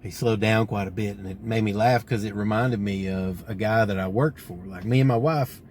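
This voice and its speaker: A man's voice: on the low side, moderate pace, a little mellow, a little hiss or hum. A middle-aged man, a mobile welder telling rambling stories in a casual vlog, recorded outdoors at a work site. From Tennessee. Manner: rambling, laid-back, laughs at his own stories.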